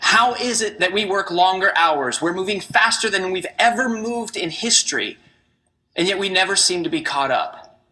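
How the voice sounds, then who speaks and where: Motivational speaker, bright clear voice, keeps asking rhetorical questions then tells a story. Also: mid-range voice. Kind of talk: motivational stage talk.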